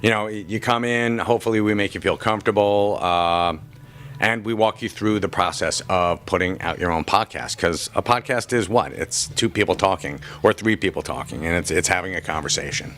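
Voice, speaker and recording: A man's voice: low-pitched, brisk, a bit bright. A man working in a comic shop, answering interview questions in a chatty, joking way, with frequent restarts. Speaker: comic shop worker and podcaster.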